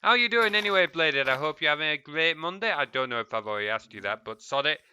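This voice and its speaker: A man's voice: a little high, animated, fast talker, pushed and bright, slight background noise. A man chatting casually while streaming a game, cursing at mobs and muttering asides to viewers. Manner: swears freely, mutters asides, chats to viewers. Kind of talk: casual gameplay stream chat.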